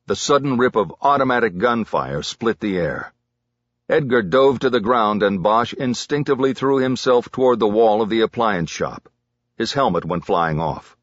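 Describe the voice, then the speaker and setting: A man reading a crime novel aloud as an audiobook narrator, measured and dramatic. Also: fairly low pitch, lively intonation, fairly bright tone, no room sound, muffled recording.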